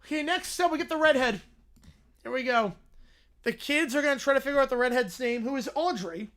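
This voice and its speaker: A man's voice: extremely high pitch, fairly bright tone. A man hosting a livestream, making joking asides between reading sketches. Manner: joking, laughs often, quick asides. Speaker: livestream host. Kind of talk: casual livestream commentary.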